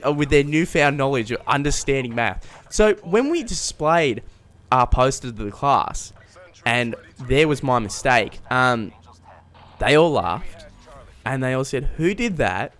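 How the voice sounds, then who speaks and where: A man's voice: fairly high pitch, a bit bright. A young man telling a rambling, self-mocking story in a casual comedic vlog, chuckling mid-sentence. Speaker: vlogger.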